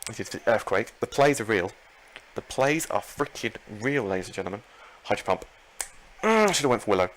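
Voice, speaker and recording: A man commenting live on his own Pokémon battle, excitable, talking to himself and his opponent and repeating phrases. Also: on the low side, fairly quick, slight background noise, poor audio. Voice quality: gravelly.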